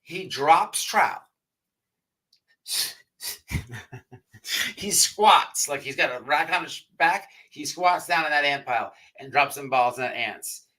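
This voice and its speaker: A man's voice: fairly high pitch, unhurried, bright, forceful tone, low-quality recording. A man telling a rambling, profanity-laced story to his livestream audience as the show's host. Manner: rambling, repeats himself, swears often. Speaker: podcast host.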